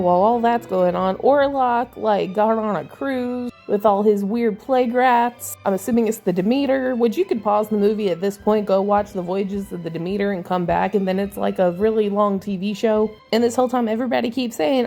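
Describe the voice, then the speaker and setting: A woman's voice: medium pitch, fairly quick, vocal fry, mellow, faint music behind. A woman giving a casual spoiler-filled movie recap in a crude, sarcastic, irreverent way. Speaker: movie reviewer.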